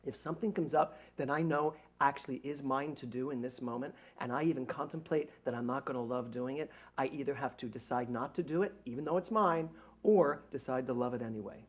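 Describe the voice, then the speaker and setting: Husky-voiced minister preaching with animated humor. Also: male voice, mid-range voice, fairly quick. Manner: animated, jokey, self-mocking. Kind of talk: conversational sermon. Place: church service before a congregation.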